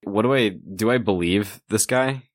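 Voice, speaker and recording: A man's voice: lowish voice, normal speed, no room sound, studio quality. A man playing a tabletop role-playing game, talking hesitantly and saying 'like' a lot. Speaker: player.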